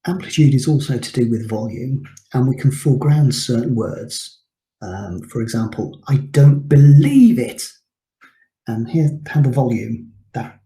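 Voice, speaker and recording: A man's voice: medium pitch, moderate pace, dark tone. A man teaching a recorded English lesson, explaining terms patiently with frequent ums. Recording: echoey room.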